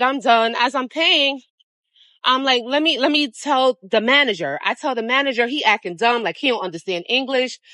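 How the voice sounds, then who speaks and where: A woman with a sharp, high voice rants bluntly and swears freely. Her voice is close and dry with no room sound, and she sounds fed up the whole way through. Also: no echo. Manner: blunt, profane, exasperated. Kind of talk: casual rant.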